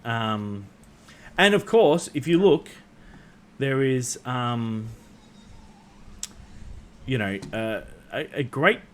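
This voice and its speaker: A man's voice: mid-range voice, animated, drawn-out words, long pauses, slight background noise. A man hosting a casual livestream chat, rambling with many ums and restarts and swearing freely. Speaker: host.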